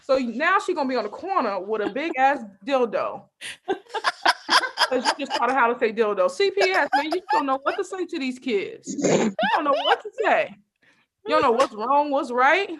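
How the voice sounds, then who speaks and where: A young adult woman doing a stand-up comedy set, telling lively stories with constant asides to the crowd. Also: sits high, moderate pace, a little hiss or hum. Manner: lively storytelling with frequent asides and laughs.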